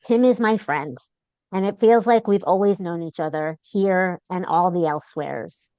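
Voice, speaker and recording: A woman in her fifties from Long Island speaks fondly to a lifelong friend, her low voice recorded close and dry. She laughs easily and reels off affectionate memories. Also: normal speed, mellow, no echo. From Long Island, New York. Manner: fond, laughing, list-like tributes. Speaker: interviewer. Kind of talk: warm, affectionate conversational interview.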